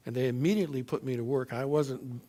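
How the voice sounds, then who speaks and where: A man from Florida telling his personal testimony in church, in an animated, emphatic storytelling manner. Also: medium pitch, quick pace.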